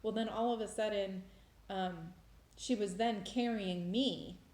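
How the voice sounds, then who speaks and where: Woman vlogger, mid pitch, emotional and rambling, recorded in an echoey room. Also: unhurried, darkish tone. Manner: emotional, rambling with many restarts. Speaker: vlogger sharing faith experiences. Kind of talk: casual testimony monologue. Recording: roomy echo.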